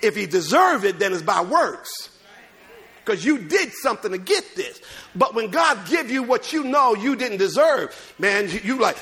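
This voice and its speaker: A man preaching a sermon as pastor, swinging between loud bursts and low asides. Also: big pitch swings, normal speed.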